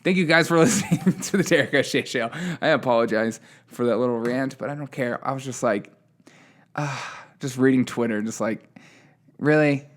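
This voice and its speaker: A man's voice: medium pitch, normal speed. Sarcastic man ranting on a podcast. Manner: sarcastic, ranting, laughs at the news. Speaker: podcast host. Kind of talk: solo news commentary podcast.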